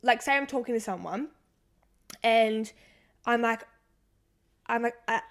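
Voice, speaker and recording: Young female co-host, casual rambling chat, a bit high-pitched. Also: a little slow. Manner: chatty, rambling with many fillers. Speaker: podcast co-host.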